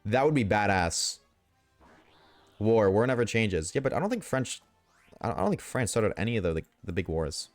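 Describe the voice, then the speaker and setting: A man's voice: fairly low pitch, sing-song, moderate pace, dry recording, faint music behind. A young man streaming a game, chatting casually with his viewers, joking and swearing freely. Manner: profane, joking, talks back to chat. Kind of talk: casual gaming livestream chat.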